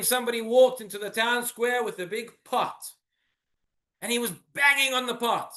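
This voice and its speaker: A man's voice: extremely high pitch, moderate pace, pushed and bright, echoey room. A man, a rabbi, giving an earnest sermon full of rhetorical questions in a synagogue.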